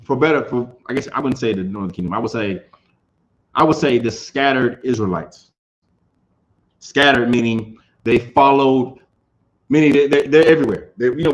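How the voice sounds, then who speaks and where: A man's voice: mid-range voice, rough recording. A man teaching an informal scripture class. He talks emphatically, repeats his phrases and keeps asking whether his listeners understand.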